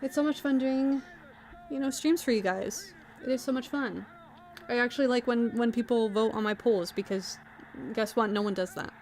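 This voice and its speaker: A woman's voice: fairly high pitch, moderate pace, a little mellow, a little hiss or hum. A woman hosting a live stream, chatting casually with her viewers. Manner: chatty, talks to chat viewers. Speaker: livestream host.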